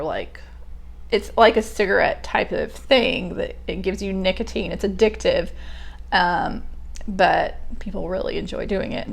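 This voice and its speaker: A young woman talks through a poem at a slow, unhurried pace, thinking aloud with plenty of fillers and false starts. Her voice has a gravelly, creaky edge, and she sounds casual rather than scripted. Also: medium pitch. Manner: thinking aloud, hesitant, many fillers and restarts. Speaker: poetry reader and commentator. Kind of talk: casual spoken poetry analysis.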